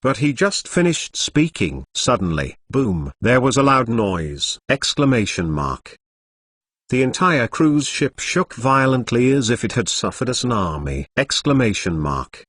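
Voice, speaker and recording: A man's voice: mid-range voice, sing-song, unhurried, fairly bright tone, no echo. Synthetic male audiobook narrator, stilted cadence. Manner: reads punctuation marks aloud in a stilted machine cadence.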